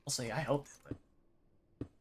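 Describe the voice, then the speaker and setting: A man chatting casually while streaming a game live, rambling excitably and tripping over repeated words as he gets going. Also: mid-range voice, moderate pace, a little hiss or hum. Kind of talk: casual live gaming commentary.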